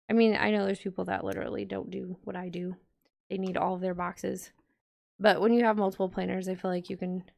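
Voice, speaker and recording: A woman's voice: medium pitch, creaky, darkish tone. A woman vlogger chatting casually to her viewers while decorating a planner, rambling and talking straight to the audience. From United States.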